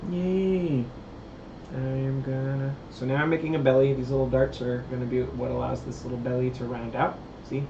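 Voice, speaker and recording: A man's voice: mid-range voice, steady tone, normal speed. A man hosting a casual live stream while building puppets, rambling and answering chat comments. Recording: roomy, dull, faint hiss.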